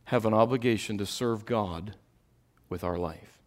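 A middle-aged man preaching a sermon, swinging between quiet, intimate asides and loud, impassioned peaks. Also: on the low side, a little slow.

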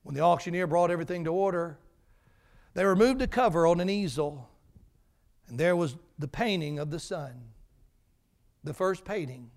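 A man's voice: fairly high pitch, normal speed, gravelly, pauses often. A male pastor preaching a sermon in a church, telling a story dramatically and then leading a prayer.

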